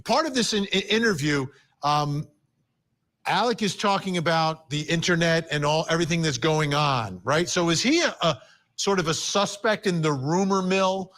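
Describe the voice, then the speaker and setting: A man hosting a news panel, brisk and conversational. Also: a little high, a bit bright. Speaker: host.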